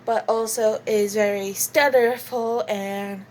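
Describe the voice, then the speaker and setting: A woman's voice: medium pitch, steady tone, slow, a little mellow, slight background noise. A woman chatting casually and hesitantly about how she voices game characters, giggling often. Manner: hesitant and giggly, many fillers. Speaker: channel host. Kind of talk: casual voice-acting demo.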